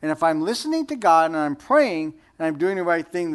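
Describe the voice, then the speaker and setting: A middle-aged man delivers a sermon in a relaxed, conversational way. His voice sits high for a man, and he keeps it light with jokes and quick questions to his listeners. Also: smooth. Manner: conversational, joking, asks the audience questions. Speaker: pastor.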